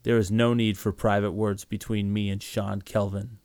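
A man voicing a big, hot-tempered, hungover farmer who shouts and sneers gruffly in a storybook reading. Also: on the low side, level tone, moderate pace, no echo, natural voice. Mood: angry.

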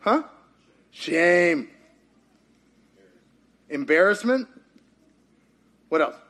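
A man's voice: sits high, expressive, extremely slow, a bit bright. A man preaching a sermon in church, joking and asking his congregation questions. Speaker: pastor.

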